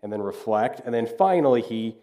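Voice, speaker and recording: A man's voice: medium pitch, expressive, brisk, dark tone. A man preaching a sermon in a conversational way, acting out little asides now and then. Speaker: pastor.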